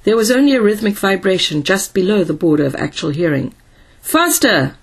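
A woman reading a science fiction story aloud in a measured, even narration. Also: mid-range voice, slightly rough. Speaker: audiobook narrator. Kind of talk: scripted narration.

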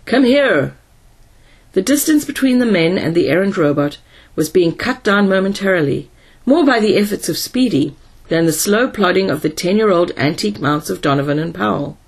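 Measured female audiobook narrator, slightly breathy voice, even delivery. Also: lowish voice. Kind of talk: scripted narration.

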